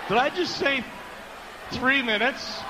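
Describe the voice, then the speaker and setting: A man putting on a shrill startled squeal. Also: lively intonation, takes it slowly, sharp tone, exaggerated voice, rough recording. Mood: shocked.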